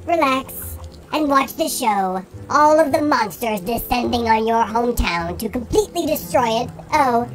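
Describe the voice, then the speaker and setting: A man voicing a vengeful male bat monster villain with a high, squeaky, helium-like voice and a gloating, theatrical manner. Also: animated, a little slow, faint music behind, low-quality recording. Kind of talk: let's play character voice.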